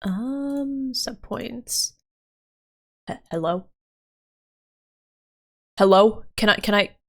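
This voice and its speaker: A woman livestreamer with a slightly high voice draws out her words while chatting casually. She thinks aloud as she works, giggling often and using lots of fillers.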